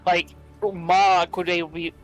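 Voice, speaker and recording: A player in a tabletop game talks through a character's dreams and actions in a mid-range voice. The delivery is casual and halting, full of searching pauses. Quiet music plays behind. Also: mid-range voice, level tone, highs cut off.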